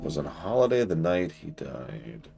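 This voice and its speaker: A man's voice: low voice, animated, measured pace, vocal fry, over music. A man streaming a game, chatting casually as he thinks aloud and answers his chat. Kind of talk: casual gameplay commentary.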